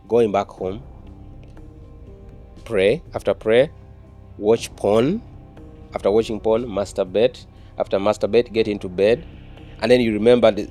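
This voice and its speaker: A man's voice: on the low side, warm tone. A man, an evangelist telling his personal testimony in an interview, earnest and often repeating words and restarting.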